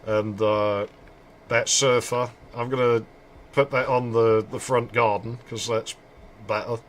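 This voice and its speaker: A man's voice: mid-range voice, level tone, a little slow, slight background noise. Joking man streaming a game. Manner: joking, rambling asides. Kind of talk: casual gameplay commentary.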